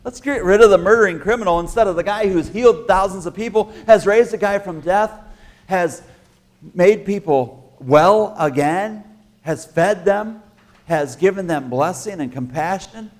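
A man voicing an excited crowd of men, shouting high-pitched exclamations. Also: slow, pauses often. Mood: mocking.

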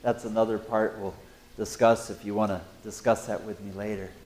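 A man preaching a sermon in church as pastor, joking with the congregation and breaking into sudden loud exclamations. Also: on the low side, normal speed. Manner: animated, jokey preaching with sudden loud bursts.

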